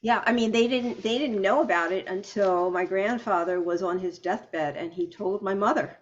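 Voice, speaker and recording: A woman hosting a podcast interview with a mid-range voice. She speaks in a thoughtful, personal way that is slightly halting. The audio sounds dull and a little lo-fi. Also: medium pitch. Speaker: podcast host. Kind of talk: reflective interview talk.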